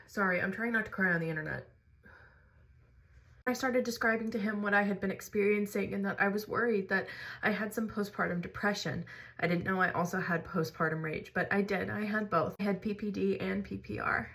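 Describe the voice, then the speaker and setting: A woman's voice: mid-range voice, steady tone, fairly quick, fairly bright tone. A woman candidly telling a personal story to camera, earnest and conversational, like a storytime vlog. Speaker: mother sharing her story.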